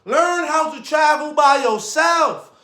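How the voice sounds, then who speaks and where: Young New guy, high voice, animated motivational chat with plenty of laughs. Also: takes it slowly. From New York. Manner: animated, laughs often, slangy. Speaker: fitness coach and streamer. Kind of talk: casual motivational talk. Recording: echoey room.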